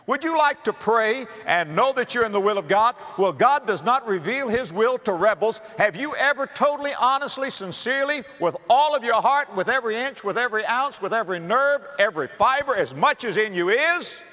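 Male pastor, slightly high voice, emphatic sermon delivery in a church sanctuary with long reverb. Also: a bit bright. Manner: emphatic preacher, building repetition and rhetorical questions.

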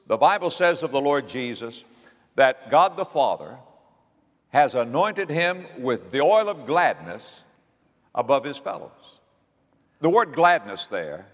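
A man's voice: mid-range voice, in a large hall. A man preaching a sermon in an emphatic, dynamic way, often chuckling.

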